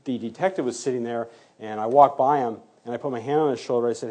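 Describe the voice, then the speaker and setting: A man with a dark, mellow, slightly husky voice recounts events in an interview. He tells it in an animated way and acts out the back-and-forth he quotes. He talks like a working forensic DNA analyst. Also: medium pitch, quick pace. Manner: animated retelling, acting out quoted exchanges. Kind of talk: storytelling in an interview.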